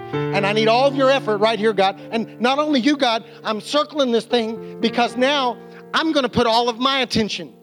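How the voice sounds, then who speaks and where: A man preaching a sermon as a pastor, animated, with restarts and quotes he acts out. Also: very high voice.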